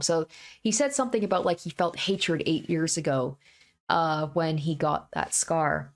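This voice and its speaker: A woman streaming a visual novel, breaking off the reading for animated, rambling casual commentary. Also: sits low, a little slow, faint music behind.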